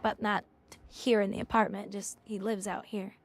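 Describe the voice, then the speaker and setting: A woman's voice: mid-range voice, level tone, normal speed. A woman game streamer talking casually to her chat, bluntly scolding viewers and swearing now and then.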